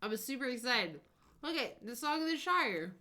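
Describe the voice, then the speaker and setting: A young woman streamer chatting casually over her travel photos, bubbly and gushing, breaking into excited squeals. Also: fairly high pitch, normal speed.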